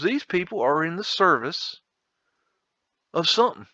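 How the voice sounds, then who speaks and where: A man's voice: on the high side, expressive, normal speed, pushed and bright, no room sound, highs cut off. A man hosting a casual photo tour, rambling, blunt and profane, with a folksy drawl. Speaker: video host.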